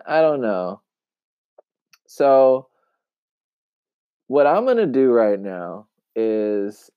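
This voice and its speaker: A man giving casual commentary in an emphatic, wry way, with long pauses, on a dull, dry lo-fi recording. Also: medium pitch, dry recording. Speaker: commentary vlogger.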